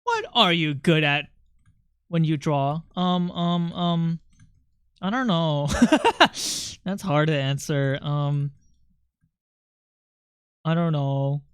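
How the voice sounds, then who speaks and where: Smooth-voiced streamer joking while drawing. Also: medium pitch, no room sound. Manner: joking, quick to apologize; self-deprecating. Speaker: art streamer. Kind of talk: casual livestream chat while drawing.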